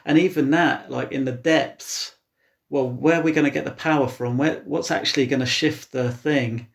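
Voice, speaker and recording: A man's voice: medium pitch, creaky. A man co-hosting a church Bible podcast, talking reflectively with lots of "you know" and "kind of". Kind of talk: casual Bible discussion.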